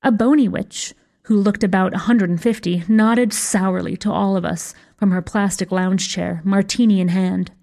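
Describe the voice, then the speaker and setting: Casting: a woman storyteller, mid-pitched, wry and lively in her reading. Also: gravelly. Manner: wry first-person storytelling. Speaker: story reader. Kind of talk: scripted fiction narration.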